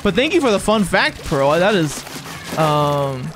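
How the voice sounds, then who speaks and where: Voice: medium pitch, measured pace. Chatty hyped-up streamer narrating a match live, voice swinging up and down a lot. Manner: excitable, chatty, talks to viewers in chat. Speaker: game streamer. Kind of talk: live-stream gameplay commentary. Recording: game music playing behind the voice.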